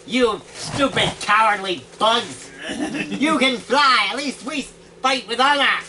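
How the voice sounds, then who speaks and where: A man playing an outraged shouting scorpion warrior. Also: mid-range voice, huge pitch swings, moderate pace, recorded from a distance, pitched above the performer's own voice. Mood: scornful. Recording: noisy home recording.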